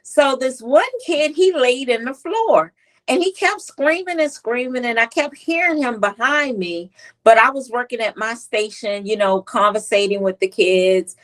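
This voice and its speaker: A woman with a US East Coast accent tells stories as a guest in an interview, her voice sitting a little high. She is animated, and she slips into children's voices when she quotes them. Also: unhurried, rough recording. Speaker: pediatric nurse and author, guest. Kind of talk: conversational interview storytelling.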